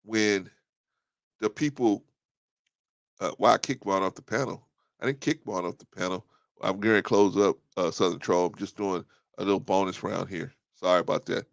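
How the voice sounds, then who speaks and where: A man hosts a talk stream in a loose, casual monologue. His voice sits low and has a gravelly fry, and it sounds dry and close to the mic. He talks in an animated way, laughs often and circles back over his own words. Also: normal speed, no echo. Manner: animated, laughs a lot, repeats himself.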